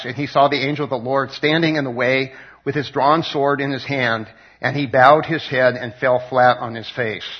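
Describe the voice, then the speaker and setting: A man's voice: mid-range voice, breathy edge. A man teaching a Bible passage in a loose, conversational way, reading verses aloud and retelling them with many fillers and restarts. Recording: dull lo-fi recording.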